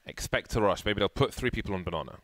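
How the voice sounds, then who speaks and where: A man giving play-by-play commentary on an esports match, getting excitable and rising with the action. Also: fairly low pitch, quick pace, dry recording.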